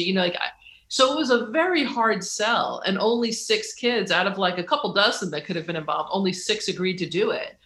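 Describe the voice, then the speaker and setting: Guest author, bright forceful voice, storytelling energy, roomy echo. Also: medium pitch, brisk. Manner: lively, acts out quoted voices, laughs often. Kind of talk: animated storytelling in conversation.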